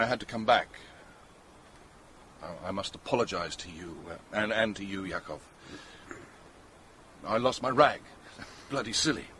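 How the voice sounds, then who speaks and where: A man playing a hot-headed, boorish gentleman in a radio drama, blunt and stammering. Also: on the low side, slight background noise.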